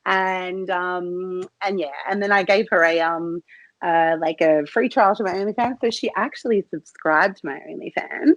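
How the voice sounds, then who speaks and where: A woman's voice: lowish voice, moderate pace, a bit bright, no room sound, lo-fi sound. An Australian woman chatting casually as an interview guest, giggling often and swearing freely. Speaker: guest, cam model.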